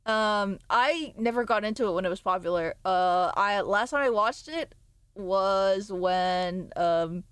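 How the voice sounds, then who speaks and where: A woman's voice: mid-range voice, measured pace, fairly bright tone, smooth, no room sound, clean studio sound. A woman streamer chatting casually with viewers, sleepy and playful, rambling with sudden squeals and mock voices. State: sleepy, yawning.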